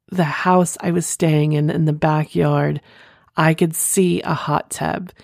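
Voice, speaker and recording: A woman's voice: low voice, creaky, a little mellow, no room sound, studio quality. A middle-aged woman hosting a podcast, reading an erotic listener confession aloud and then chatting about it in a rambling, giggly way.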